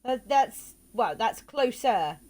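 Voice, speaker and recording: A woman talks slowly over her live gameplay, her voice sitting on the higher side. She rambles and drifts off between thoughts, with plenty of fillers and a tired, yawning edge. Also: lively intonation, darkish tone. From South West England. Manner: rambling and chatty, trailing off with fillers and laughs. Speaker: game streamer. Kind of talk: casual live gameplay chat.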